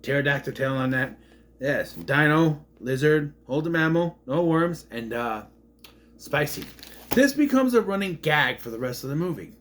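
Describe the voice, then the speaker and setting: A man talks through a movie recap in a casual, rambling way, his voice swinging up and down with plenty of life. He sits a little higher than most men and pads his thoughts with fillers. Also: animated, fairly bright tone, slight background noise. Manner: rambling, with fillers and quick voice impressions.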